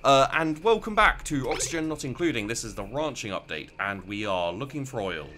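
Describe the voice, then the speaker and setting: Rambling, self-mocking gamer man, lively pitch. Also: brisk, a little hiss or hum. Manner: rambling, self-mocking, talks to himself while playing. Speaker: let's play gamer. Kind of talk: casual gameplay commentary.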